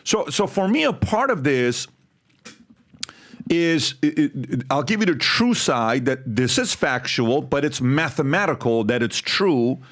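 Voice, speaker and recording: Guy hosting a panel chat, pitch all over the place, punchy and emphatic, fairly high voice. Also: unhurried. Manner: emphatic, animated storyteller who quizzes the panel. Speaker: host. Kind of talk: casual panel discussion.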